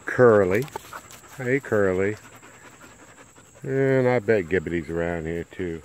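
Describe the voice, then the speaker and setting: A man with a very deep voice and lively ups and downs in his pitch talks to his dogs in his front yard. He speaks slowly and calls them over and over. The sound comes from a handheld camera microphone, with a faint rural hush behind him. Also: background noise. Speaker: dog breeder filming his dogs. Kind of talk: casual vlog narration. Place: front yard outdoors in the country.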